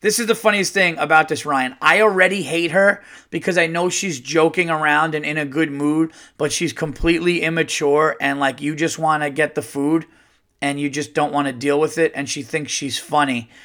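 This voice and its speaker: A male podcast host rants and jokes with crude humor in a loose, animated way. His voice sits a little higher than most men's. He breaks into laughter often and slips into mocking impressions. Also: normal speed. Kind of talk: casual comedic podcast monologue.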